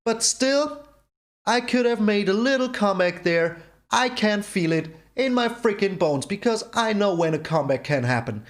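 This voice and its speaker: A man's voice: sits high, lively intonation, moderate pace. A man hosting his own gameplay channel, commenting on a card game in an exasperated rant that keeps repeating itself. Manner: exasperated ranting, repeats himself. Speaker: channel host.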